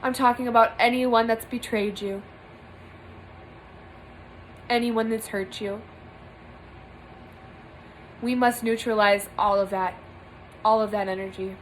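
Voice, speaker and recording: A woman's voice: a little high, fairly even intonation, slow pace, long pauses, a little hiss or hum, low-quality recording. A young woman giving an earnest spiritual monologue to camera from a small room, emphatic and repeating phrases for stress. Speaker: spiritual vlogger.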